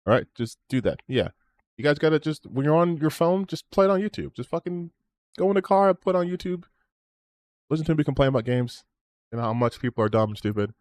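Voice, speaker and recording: A man's voice: fairly high pitch, lively intonation, a little fast, darkish tone, no echo. A man streamer closing out his stream in a rambling, self-promoting chat, swearing freely as he talks. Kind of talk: casual stream sign-off chat.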